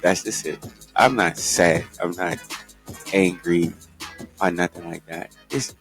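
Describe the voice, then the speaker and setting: A young man hosting a casual news chat show, talking in a laid-back, joking, low-key drawl. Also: takes it slowly, pauses often, fairly bright tone, faint music behind. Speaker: podcast host.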